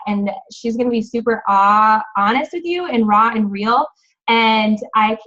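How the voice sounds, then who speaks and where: A woman's voice: on the high side, a bit bright. A woman hosting a team coaching video call, chatty and encouraging, rambling a little as she talks. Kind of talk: upbeat team call talk. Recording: dull lo-fi video call audio.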